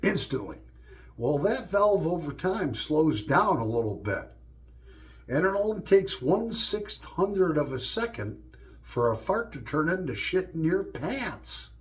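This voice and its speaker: A man's voice: a little high, sing-song, a little slow. A middle-aged man vlogging and telling stories in a loose, profane, joking way. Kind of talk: casual storytelling monologue.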